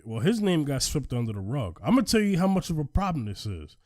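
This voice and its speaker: A man hosting a casual podcast discussion, animated and emphatic, often repeating himself for effect. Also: fairly high pitch, fast talker, no room sound, studio quality. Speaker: podcast host.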